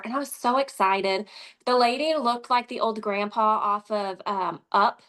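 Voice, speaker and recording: Midwestern woman guest, lively conversational storyteller who voices the people she quotes. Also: a little high, normal speed. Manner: animated, acts out quoted dialogue. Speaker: interview guest.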